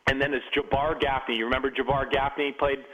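A man who played pro football, telling locker-room stories as a podcast guest in a lively, animated way. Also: mid-range voice, fast, muffled recording, over a noisy crowd. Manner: animated storyteller with restarts. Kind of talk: storytelling in casual chat.

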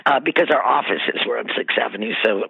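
A woman guest telling rambling, animated anecdotes in a casual interview, with lots of fillers. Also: very deep voice, fast talker, creaky, breathy edge, dry recording, narrow, tinny audio.

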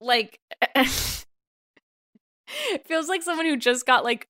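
A woman's voice: high-pitched, slow, sharp tone, no echo, studio quality. A young adult woman co-hosting a comedy podcast, giggly and playful. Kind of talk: improv comedy chat.

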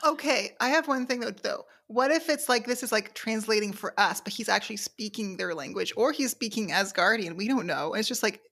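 A woman co-hosting a casual fan podcast, giggly and quick to chime in. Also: medium pitch, a bit bright, breathy edge. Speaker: podcast co-host.

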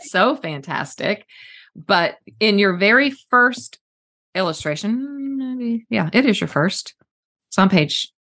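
A woman hosting a casual conversational interview, talking in an animated, emphatic way with quick asides. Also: mid-range voice. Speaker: podcast host.

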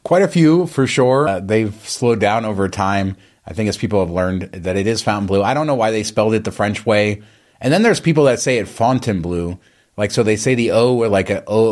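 A man's voice: lowish voice, a little mellow. A man co-hosting a podcast, chatting in a casual, enthusiastic way. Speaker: podcast co-host.

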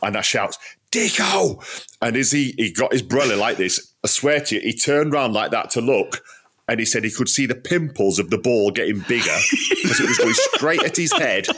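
A man hosting a podcast interview, telling an anecdote in an animated way and laughing through it. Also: fairly low pitch, brisk, slightly rough. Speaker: podcast host. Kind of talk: casual interview chat.

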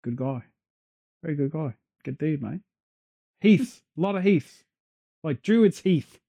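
A man's voice: on the high side, animated, takes it slowly, gravelly, dull audio. A man hosting a podcast in casual chat, rambling from joke to joke and off on tangents. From England. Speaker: podcast host. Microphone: headphones on, studio mic.

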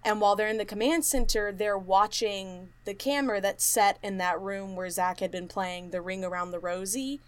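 A woman telling a ghost story to her co-host in easy, casual podcast chat. She leans on fillers like "like" and "um" and acts out what other people said. Her pitch sits in the middle for a woman. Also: normal speed, hardly any pauses, clear, resonant tone. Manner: animated retelling, acts out quotes, many fillers.

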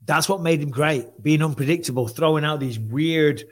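A chatty man hosts a laid-back sports chat, teasing his guest and circling back over his own words. His voice sits a touch higher than most men's. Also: moderate pace. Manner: chatty, teasing, repeats himself. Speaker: host and commentator.

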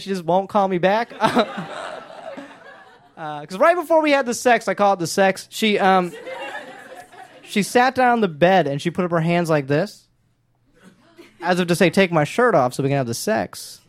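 A man doing a deadpan, self-mocking stand-up set on a club stage with a handheld mic. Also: high voice, moderate pace, pauses often, some chatter behind, a little hiss or hum. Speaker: stand-up comedian. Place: comedy club stage before a live audience.

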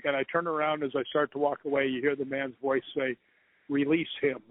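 A man, a guest who hunts ghosts, tells a rambling, animated story and acts out the other people's lines. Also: mid-range voice, quick pace, dry recording. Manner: rambling, animated retelling with quoted dialogue. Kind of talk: casual storytelling interview. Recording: tinny phone line, dry.

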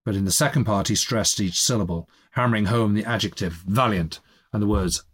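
Low, husky man reading a novel. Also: brisk. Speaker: reader of a novel chapter. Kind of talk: literary audiobook reading.

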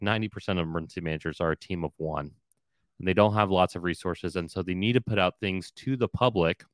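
Male podcast host, deep voice, dry close sound, rambles and restarts a lot. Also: no room sound. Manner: rambling, thinks aloud with many restarts. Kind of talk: casual interview chat.

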